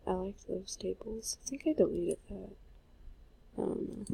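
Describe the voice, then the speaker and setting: A woman's voice: mid-range voice, measured pace, creaky, warm tone, slightly rough, rough recording. A woman rambling through casual gameplay commentary into a handheld mic as she types and plays, often trailing off and joking at her own expense. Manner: rambling and self-mocking, trailing off; talking while typing and playing. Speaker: gaming vlogger. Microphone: handheld microphone.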